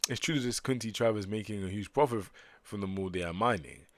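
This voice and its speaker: A man's voice: fairly low pitch, no room sound. A man on a casual stream reading comic panels aloud and reacting to them as he goes. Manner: reads panels aloud with quick reactive commentary.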